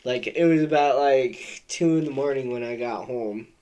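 A man's voice: medium pitch, moderate pace, mellow, slight background noise. A man hosting a podcast, telling a rambling, profane story and laughing as he goes. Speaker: podcast host. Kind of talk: casual storytelling.

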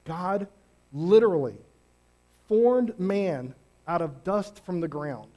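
A male pastor delivering a sermon. His voice sits high for a man, and he talks in a conversational, energetic way, leaning hard on the key words.

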